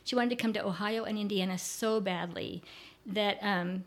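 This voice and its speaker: A woman's voice: medium pitch, fairly even intonation, moderate pace. An older woman chatting as a guest in an interview, enthusiastic and rambling, with frequent restarts. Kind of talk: casual conversational interview.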